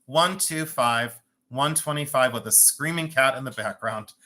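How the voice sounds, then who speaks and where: Bright, chatty live-sale host. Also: medium pitch, unhurried. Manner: chatty, joking, laughs often. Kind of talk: live-stream selling chat. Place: home.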